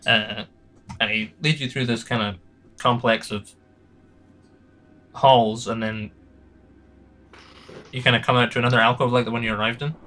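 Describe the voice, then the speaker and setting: A man's voice: medium pitch, fairly even intonation, normal speed, pauses often, sharp tone, faint music behind. A man narrating as game master in a tabletop game, rambling with many fillers and restarts. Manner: rambling, hesitant, lots of fillers.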